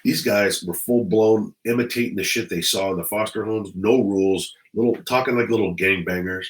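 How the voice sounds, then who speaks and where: A man's voice: fairly low pitch, moderate pace, hardly any pauses, poor audio. A middle-aged man, a retired police officer, telling stories in a blunt, profane, rambling monologue.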